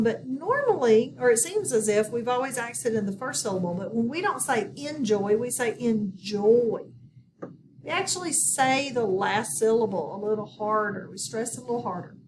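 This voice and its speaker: A woman teaching a phonics lesson in a recorded video, slow and patient, often checking in with her students. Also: a little high. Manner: slow, patient, instructive with repeated prompts. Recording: distant mic with background noise.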